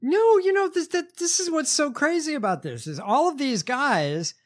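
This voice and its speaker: A man's voice: very high voice, sing-song, moderate pace, fairly bright tone. Laid-back male podcast host. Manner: laid-back, profane, lots of fillers. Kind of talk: casual chat.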